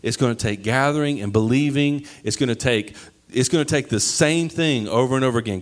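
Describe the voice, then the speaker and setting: A man in his thirties preaching a sermon, animated, sometimes breaking into high yelling as he acts out stories. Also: fairly quick. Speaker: pastor.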